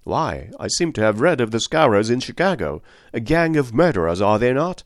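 Reading an audiobook, a man voices a bold, self-assured stranger who speaks confidently and forthrightly, pitching it above his own natural voice. The delivery is medium in pitch with big pitch swings and a moderate pace. The studio sound is clean, with no room noise.

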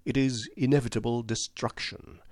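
Male reader doing an older criminal mastermind for an audiobook: soft, precise, coldly polite, lifted above his own low voice. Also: steady tone, moderate pace, no echo, studio quality, lightly acted. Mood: coldly warning. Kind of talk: audiobook reading.

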